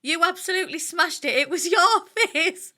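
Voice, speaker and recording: A woman hosts a relaxed conversation, chatty and enthusiastic. Her voice sits high and bright. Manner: chatty, enthusiastic, quick asides. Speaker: host. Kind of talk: casual chat.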